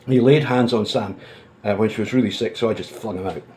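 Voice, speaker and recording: A man's voice: fairly low pitch, a little fast, warm tone, slight background noise, rough recording. A man talking casually to camera, blunt and combative, swearing freely and speaking from indoors at home. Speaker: commentator.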